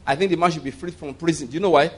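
A man gives a sermon in a fairly high voice. He keeps checking whether his listeners are following, then leads them in repeating lines after him, laughing as he goes. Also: very fast, husky. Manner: asks the congregation if they hear him, leads call-and-response with laughs. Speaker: pastor.

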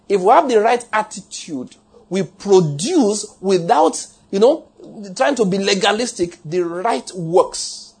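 A pastor delivers a sermon with a fairly high, husky voice. He is emphatic and jokey, chuckling at his own remarks and repeating key phrases. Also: darkish tone.

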